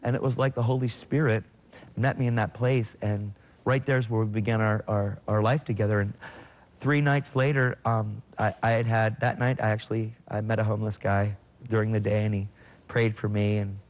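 A middle-aged man telling his personal faith testimony in conversation. He speaks earnestly and with feeling, and his voice jumps high in sudden bursts when he quotes himself. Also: steady tone, normal speed, dull audio. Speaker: guest sharing his testimony.

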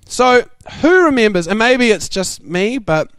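A young man preaching a sermon, telling stories in a lively way and laughing often. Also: sits high, a little slow, clean tone, no echo. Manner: animated, laughing storyteller. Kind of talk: sermon storytelling.

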